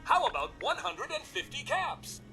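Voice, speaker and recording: A man's voice: very high-pitched, very animated, normal speed, full character voice. A man playing a cheery robot butler who runs trades like a game-show host. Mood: showy. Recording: game audio with music behind. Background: game music.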